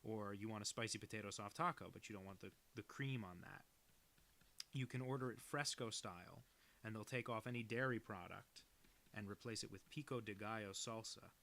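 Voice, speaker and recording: Cartoonist on a live stream, casual rambling talk, self-deprecating, laughs easily. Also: male voice, on the low side, brisk, pushed and bright. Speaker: cartoonist streaming his work. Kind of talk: casual live-stream chat while drawing.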